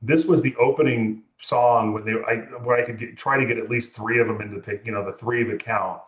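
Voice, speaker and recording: A man's voice: on the low side, fairly even intonation, a little fast, echoey room. A man from California, a music photographer, telling a long story in an interview with many fillers and restarts.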